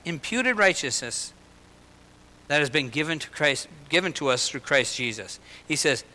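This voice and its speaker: A man preaching a sermon in an earnest way, slowing and lifting his voice for emphasis and dropping into personal asides. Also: high-pitched, sharp tone. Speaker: pastor. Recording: long hall reverb.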